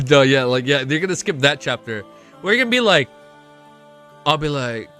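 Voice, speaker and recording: Young man, livestream host, lively bouncing pitch, bright tone, faint music underneath. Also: fairly quick. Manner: excitable, swears a lot, reads chat aloud. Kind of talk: casual livestream chat.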